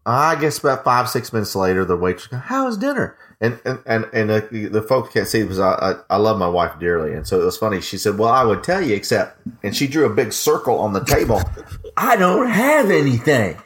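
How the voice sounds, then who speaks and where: Talking fast with hardly a pause, this podcast co-host spins a rambling tale, restarting often and voicing both sides of each exchange. His voice is on the low side and a bit bright.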